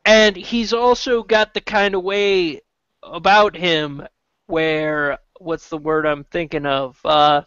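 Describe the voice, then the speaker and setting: A man's voice: fairly high pitch, fairly even intonation, slow pace, a bit bright, clean tone, no echo. A man from Canada hosting a casual chat, rambling with restarts and casual swearing. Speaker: podcast host. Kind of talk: casual chat about wrestling. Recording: dull lo-fi dry recording.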